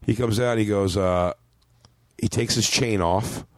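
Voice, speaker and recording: A man with a somewhat low voice holds the floor as a comedian on a casual podcast. He rambles through profane stories, slipping into quoted voices. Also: steady tone, measured pace, dry recording.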